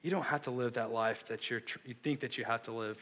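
A man preaching a sermon, earnest and impassioned, with a hushed delivery that builds into fervor. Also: mid-range voice, fairly even intonation, quick pace. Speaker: pastor. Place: church sanctuary. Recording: long reverb of a large hall.

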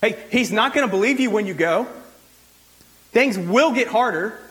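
A man's voice: high voice, lively intonation, normal speed, a bit bright, rough recording. A male pastor giving a sermon in a loose, conversational way, often saying "like" and restarting his sentences. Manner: conversational preaching with frequent "like" and restarts.

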